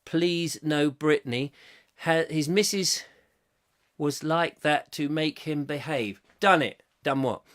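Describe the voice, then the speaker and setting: A male chat show host who rambles playfully through viewer comments and makes fun of himself as he goes. His voice sits a little high and sounds bright and forceful. He trails off into humming when he loses his thread. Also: slow pace. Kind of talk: comic live chat, reading viewer comments.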